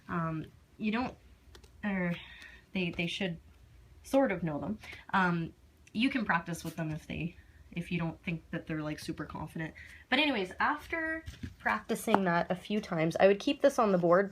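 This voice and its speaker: A woman's voice: lowish voice, animated, moderate pace, a little hiss or hum. Chatty young woman explaining a lesson. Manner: chatty, with many fillers and acted-out classroom prompts. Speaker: English teacher. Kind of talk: casual explanation of a classroom lesson.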